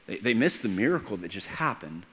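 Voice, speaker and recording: A male pastor preaching a storytelling sermon, moving between hushed narration and excited emphasis. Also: lowish voice, brisk, a little hiss or hum. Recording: church hall reverb.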